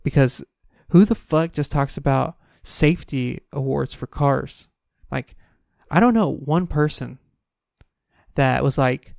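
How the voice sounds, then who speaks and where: A man's voice: fairly high pitch, normal speed, vocal fry, a little mellow, no room sound, clean studio sound. A man delivering a profane, exasperated comedic rant, exaggerating wildly. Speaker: comedic ranter.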